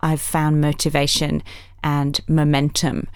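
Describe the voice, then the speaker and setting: A woman author with a somewhat low voice speaks in a conversational interview. She is earnest and lively and tosses in self-mocking asides. The recording is close and dry, with no room sound. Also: unhurried, clean tone, dry recording. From Yorkshire, England. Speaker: author and journalist, interview guest.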